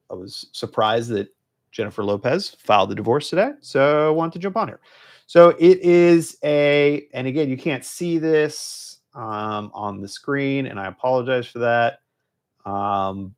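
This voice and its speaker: A man, working as a divorce lawyer, explaining a court filing in a casual, rambling live stream full of fillers and restarts. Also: medium pitch. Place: law office.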